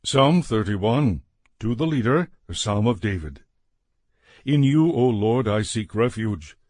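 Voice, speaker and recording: A man reading scripture aloud in a measured, solemn way. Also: on the low side, lively intonation, a little mellow, no room sound, studio quality. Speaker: scripture reader.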